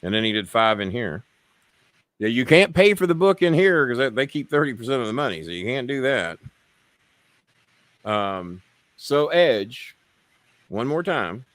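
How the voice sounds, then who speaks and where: A man's voice: medium pitch, big pitch swings, normal speed, pauses often, a bit bright, dry recording. A man hosting a casual live stream, rambling, swearing freely and haggling with viewers. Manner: rambling, profane, bargaining with viewers. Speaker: show host.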